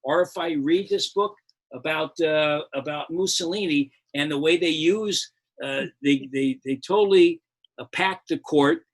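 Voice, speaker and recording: An older American man, a comedian hosting a live show, rants about politics in a slightly slow, high-ish voice. His tirade is profane, rambling, and heated, with many restarts.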